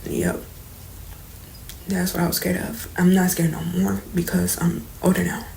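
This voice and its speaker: A young woman tells a painful story to her viewers, her voice soft and shaky as she fights back tears. Her tone sits fairly low, with a gravelly edge, and it often falls to a near whisper. A faint hiss runs underneath. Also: flat delivery, unhurried, rough recording. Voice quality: soft, trembling at times, drops to near whispers. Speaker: vlogger. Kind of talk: emotional storytime confession. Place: indoors, late at night.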